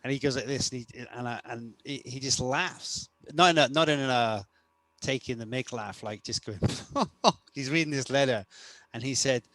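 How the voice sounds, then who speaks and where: A man's voice: medium pitch, steady tone, moderate pace, a bit bright, no room sound. Guy coaching type, rambly storyteller, restarts a lot, medium voice, dry close mic. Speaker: podcast co-host and coach. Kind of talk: casual conversation.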